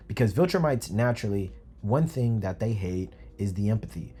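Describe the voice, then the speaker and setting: A man's voice: mid-range voice, lively intonation, brisk, few pauses, darkish tone, breathy edge, soft background music. A young man hosting a casual commentary video, slangy and hyped, often repeating himself. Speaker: video essay host.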